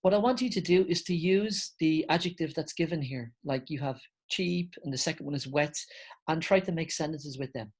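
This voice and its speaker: A woman's voice: low voice, moderate pace, a little mellow, slightly rough. A woman teaching English grammar, explaining patiently, spelling words out and checking in with "okay?".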